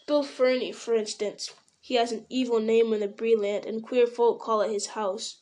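A woman's voice: fairly high pitch, steady tone, close to an everyday voice. A woman reading as Strider, a grim wary ranger. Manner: measured, grim, sometimes sharp. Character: grim wary male ranger, weathered and watchful. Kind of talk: audiobook character reading.

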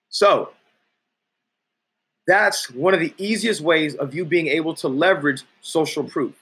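Husky guy w/ kinda high voice, coaching talk, swears a lot, does little voices for people in his stories. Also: a bit bright. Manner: profane, emphatic, acts out quotes in shifting voices. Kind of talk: coaching talk with acted-out anecdotes.

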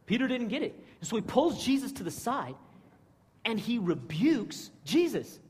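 A man preaching a casual sermon, animated and slangy, often checking in with his listeners. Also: very high-pitched, moderate pace, a little hiss or hum. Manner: animated, slangy, keeps asking "right?". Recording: long reverb of a hall.

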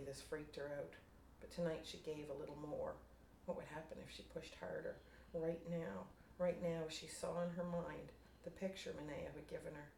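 A woman reading her own fiction aloud to a writers' group, measured and unhurried. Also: sits low, vocal fry, dark tone. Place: room at a writers' group meeting. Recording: roomy room, distant mic, faint noise.

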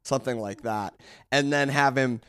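A man co-hosting a podcast in casual chat, rambling excitedly and restarting his thoughts. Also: mid-range voice, moderate pace, no echo, studio quality.

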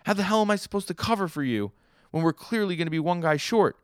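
A man voicing a flustered male prison inmate who yells in a high, strained voice. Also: lively intonation, quick pace, clean tone, no echo, clean studio sound. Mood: panicked.

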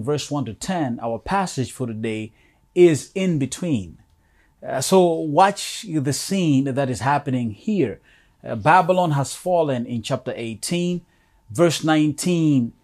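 A pastor preaching a sermon, reading scripture aloud with rising emphasis and calling out to the congregation. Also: male voice, on the high side, darkish tone. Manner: slow, deliberate preaching with dramatic swells.

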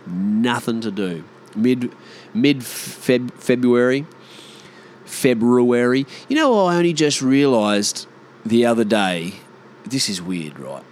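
A man's voice: mid-range voice, very animated, slow, a little mellow. Rambling, profane Australian man. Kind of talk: casual monologue.

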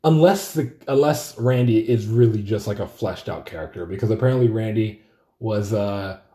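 A man's voice: lowish voice, moderate pace, dark tone. A young man hosting a casual solo podcast, rambling, swearing freely and correcting himself mid-sentence from a room at home. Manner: rambling, profane, self-correcting. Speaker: podcast host. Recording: roomy echoey room.

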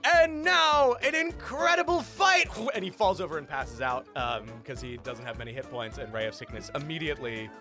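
A man narrating as game master of a tabletop game, improvising with animated, rambling description. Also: medium pitch, quick pace, hardly any pauses, faint music behind. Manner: animated, improvised, many fillers.

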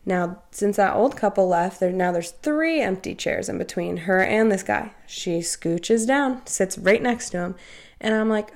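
A woman's voice: medium pitch, animated, a little slow. Chatty young woman telling a story. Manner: chatty, heavy use of "like", acts out quoted dialogue. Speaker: podcast co-host. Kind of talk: casual chat storytelling.

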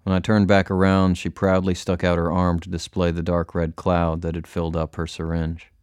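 A man reading a first-person story aloud in an even, measured way, recorded close to the mic. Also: low voice, smooth, no room sound. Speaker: audiobook narrator. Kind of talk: scripted first-person narration.

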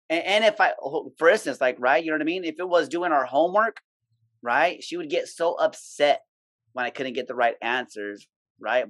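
A man's voice: fairly high pitch, fairly bright tone. A man in casual podcast conversation who rambles, repeats himself and laughs easily.

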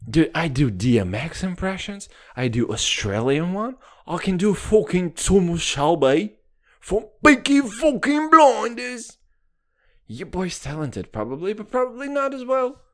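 Young man, high voice, solo podcast host, rambling, profane, jokey. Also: very animated, moderate pace, hardly any pauses. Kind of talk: casual solo podcast rant.

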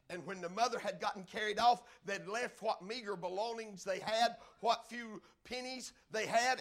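A male preacher tells a story from the pulpit in a high, bright voice. He rises to loud, impassioned cries and then drops to a hushed, low delivery. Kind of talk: storytelling sermon.

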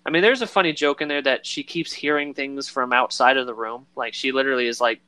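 Rambling man with a bright voice. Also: mid-range voice, quick pace, clean tone, no echo. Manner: rambling, filler-heavy, acts out quoted lines in voices. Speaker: podcast co-host. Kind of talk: casual chat about a film.

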